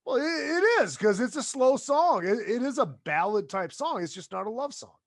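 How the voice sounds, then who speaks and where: Animated, high-voiced cursing podcast co-host. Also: male voice, normal speed, no echo, studio quality. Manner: animated, swears a lot. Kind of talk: casual chat.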